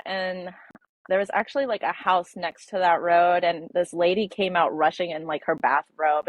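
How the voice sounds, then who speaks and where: A young woman in her twenties, appearing as a podcast guest, tells an emotional personal story in a halting way, full of fillers and restarts. Her voice is fairly low with a steady tone. The audio is dull, lo-fi, and dry with no echo.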